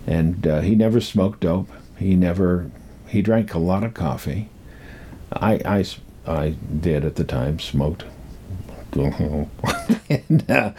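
An older man telling a rambling personal story from his youth, halting and full of pauses and restarts. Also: low-pitched, mellow, a little hiss or hum.

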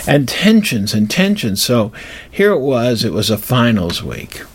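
A man's voice: medium pitch, very animated, a little slow, slightly rough. A man in his seventies from Colorado, telling rambling anecdotes in a casual way as a radio host, with many fillers and restarts. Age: 70s. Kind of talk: casual storytelling.

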